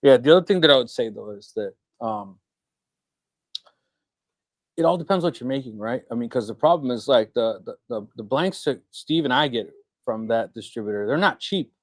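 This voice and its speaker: At a normal speed, a middle-aged man chats through a live Q&A he co-hosts for hobby makers, telling stories and voicing the people he quotes. The recording is close and dry with no room sound, and his pitch is medium, fitting the relaxed stream.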